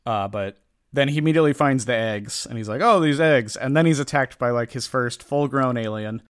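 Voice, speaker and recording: A man with a medium-pitched, smooth voice talks a little fast in a casual podcast chat, recapping a comic story packed with fillers and acted-out lines. The sound is clean, studio-grade, and free of room sound.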